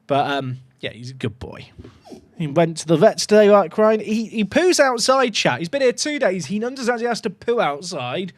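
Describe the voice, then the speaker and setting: A man hosting a casual livestream, sleep-deprived, cooing softly at a puppy and chatting upbeat with viewers. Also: high-pitched, very animated, normal speed. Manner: coos softly at a puppy, then chats upbeat with his viewers. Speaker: livestream host.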